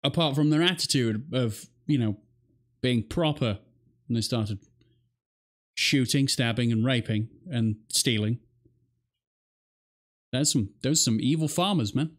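A man's voice: mid-range voice, a little slow, long pauses. A young English man hosting a reaction video, incredulous and rambling, swearing as he jokes about what he watches. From England. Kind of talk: casual reaction commentary.

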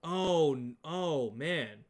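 Swearing, slow-talking male game streamer. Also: fairly high pitch, lively intonation. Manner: profane, exclaiming, repeats himself. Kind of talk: live-streamed game playthrough reaction.

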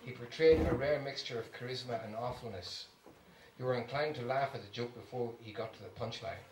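A man's voice: mid-range voice, brisk, a little hiss or hum. Distant man reading a story in a hall. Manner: storytelling, warmly amused. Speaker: lecturer. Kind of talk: reading a memoir aloud. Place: lecture room. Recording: echoey hall from far off, faint ambience.

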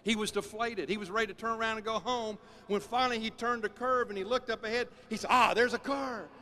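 A man giving a sermon-style talk, telling stories with emphatic, animated delivery. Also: high voice, fast talker, a little hiss or hum. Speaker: speaker.

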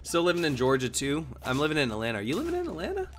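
A young man streaming, chatting casually and joking while he plays, his voice hoarse. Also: a little high, rapid-fire, faint music behind. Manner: lively, chatty, jokey. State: hoarse, coughing. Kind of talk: casual chat while gaming.

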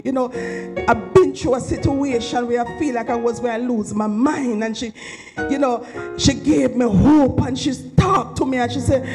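A woman's voice: on the high side, moderate pace, over music, poor audio. A woman giving an emotional, rambling, heartfelt tribute at a memorial service, near tears at times. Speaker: eulogy speaker at a memorial service.

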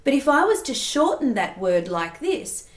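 A woman's voice: sits high, very animated, moderate pace, echoey room. A woman giving a singing lesson, explaining step by step and breaking into sung examples. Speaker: singing teacher.

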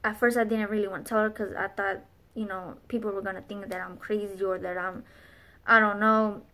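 A woman's voice: medium pitch, flat delivery, fairly quick, bright, forceful tone. A young adult woman vlogger telling a personal faith testimony in an earnest, rambling way with many fillers.

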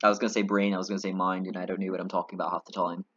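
A man's voice: low voice, flat delivery, rapid-fire, fairly bright tone, slightly rough, lo-fi sound. A man giving casual, rambling and self-deprecating commentary while playing a game. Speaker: let's play gamer. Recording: synth game music behind. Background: synthesizer music.

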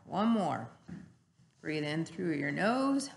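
A woman teacher giving a lesson to young children in a slow, sing-song way. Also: lowish voice, very animated, vocal fry.

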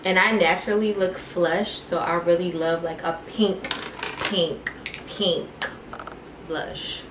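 A woman's voice: on the low side, fairly even intonation, slow pace. Chatty young woman in an echoey room. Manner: chatty, addresses viewers as y'all and girl. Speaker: beauty vlogger. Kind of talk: casual makeup tutorial chat. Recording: echoey room, faint noise.

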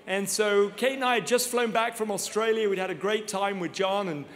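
Animated high-voiced man preaching in a hall. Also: normal speed. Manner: animated, self-deprecating, laughs often. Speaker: guest preacher. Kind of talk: humorous storytelling sermon. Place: large church auditorium. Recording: long reverb of a large hall.

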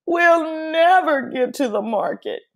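Brief: a woman doing a bright, eager small boy in a storybook, high and lively, pleading. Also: measured pace, exaggerated voice. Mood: dismayed. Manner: pleading, excited. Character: eager young boy, impatient to leave. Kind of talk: storybook read-aloud.

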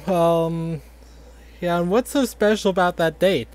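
Man doing a rambling, high-voiced grandpa fox. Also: fairly even intonation. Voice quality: halting, filler-heavy, lots of likes and restarts. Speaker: storyteller grandfather. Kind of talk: casual satirical storytelling.

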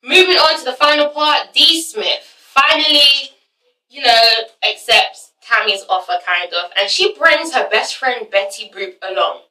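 A woman's voice: high-pitched, measured pace. A woman hosting a casual review vlog, swearing freely and acting out scenes. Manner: swearing, animated, acts out scenes. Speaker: vlog host reviewing a reality show. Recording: roomy, mic at a distance.

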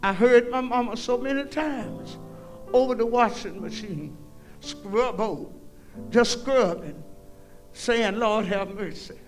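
A woman's voice: on the high side, takes it slowly, long pauses, darkish tone, soft background music. An older woman, a guest singer telling a folksy, preachy testimony to a concert audience and breaking into hymn lines. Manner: preachy, folksy storytelling, calls out "y'all". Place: concert hall stage.

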